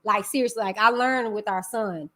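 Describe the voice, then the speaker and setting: A woman's voice: mid-range voice, normal speed, pushed and bright. A woman hosting a live stream, talking candidly and emphatically to her viewers, calling them y'all. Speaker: channel host.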